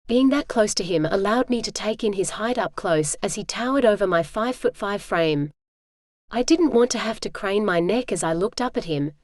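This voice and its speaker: A woman reading a romance audiobook in the first person, smooth and measured, on a close mic. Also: mid-range voice, a little mellow, dry recording. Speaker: audiobook narrator.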